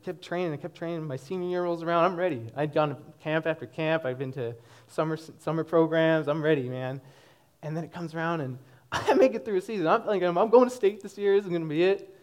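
A young man in his twenties giving a personal testimony to a church congregation, animated and often laughing as he tells it. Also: on the high side.

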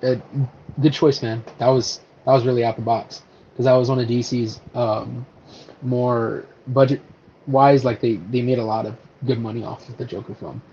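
A man's voice: mid-range voice, level tone, normal speed, dark tone, slight background noise. A man co-hosting a casual podcast, talking animatedly about favorite movie scenes, laughing easily and swearing casually. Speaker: podcast co-host. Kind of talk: casual podcast chat about superhero films. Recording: slightly dull lo-fi audio.

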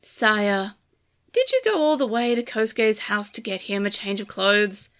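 A woman's voice: medium pitch, expressive, unhurried, fairly bright tone. A woman voicing a wry, blunt young woman researcher in a storybook reading, griping and teasing. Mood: cool.

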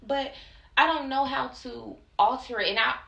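A woman's voice: high-pitched, moderate pace, vocal fry, bright, forceful tone, reverberant, muffled recording. A woman co-hosting a podcast, chatting candidly and bluntly in casual slang. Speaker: podcast co-host. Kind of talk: casual chat.

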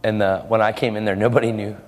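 A man's voice: lowish voice, level tone, fast. Male preacher, earnest storyteller who acts out the people in his stories, heard in a reverberant hall over faint music. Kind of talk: sermon.

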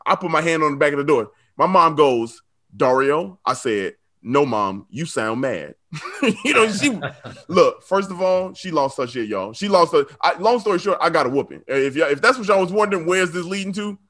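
A man from Chicago's South Side tells comic stories on a comedy show in a high, bright voice, talking a little fast. He's animated and laughs often, tossing slangy asides to the audience.

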